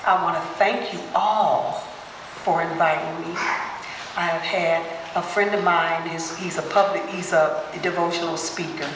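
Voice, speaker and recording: A woman's voice: on the low side, measured pace, noisy background. A woman speaker telling personal stories to a gathering and acting out the people in them, recorded from far off in an echoey hall. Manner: animated storyteller who acts out quotes. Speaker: guest speaker. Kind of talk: personal storytelling talk.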